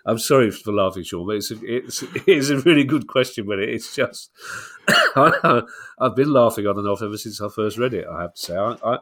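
A man's voice: lowish voice, expressive, moderate pace, fairly bright tone. A middle-aged man co-hosting a podcast, bunged up with a cold, talking in a wry, teasing way. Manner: wry, teasing, laughs easily. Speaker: podcast co-host. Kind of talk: casual podcast chat.

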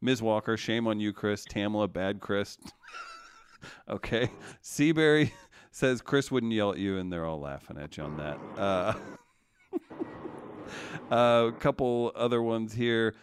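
A man's voice: lowish voice, measured pace, long pauses, a little hiss or hum. A man hosting a casual live-stream chat, reading out viewer comments and joking with his co-hosts, laughing often.

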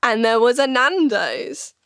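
A woman's voice: a little high, expressive, takes it slowly, fairly bright tone, dry recording, clean studio sound. A woman, a comedian, retelling a story in a bubbly, giggly way, with playful asides. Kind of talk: casual storytelling.

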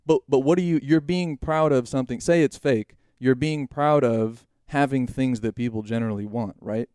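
A man chatting on a podcast in a loose, slangy, swearing manner. His voice is smooth and resonant, at a middle pitch. The sound is dry and close. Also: moderate pace, a little mellow, no room sound. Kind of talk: casual podcast chat.

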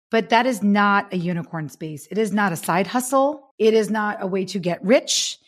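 A woman author, a guest on a podcast, speaking with passion and emphasis about her ideas. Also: medium pitch. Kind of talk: interview conversation.

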